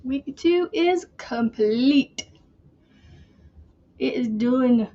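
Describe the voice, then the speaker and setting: A woman's voice: fairly high pitch, takes it slowly, long pauses, muffled recording. A woman hosting a casual crochet livestream from her chair at home, chatty and giggly, a bit out of breath as she talks to viewers. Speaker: crochet channel host.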